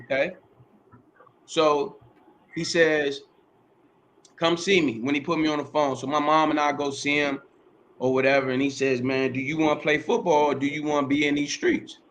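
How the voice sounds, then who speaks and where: Man, middle-aged, casual interview storytelling, rambling, slangy, profane, bright tone, faint background noise. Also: on the high side, level tone, normal speed, long pauses. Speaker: podcast host telling his story as guest.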